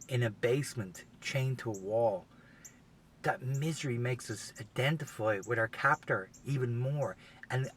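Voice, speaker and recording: Sex: man. Role: podcast host. Style: comedic rambling monologue. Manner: profane, loose, filler-heavy. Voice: bright, middle pitch. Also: slight background noise. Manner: profane, rambling, peppered with "you know".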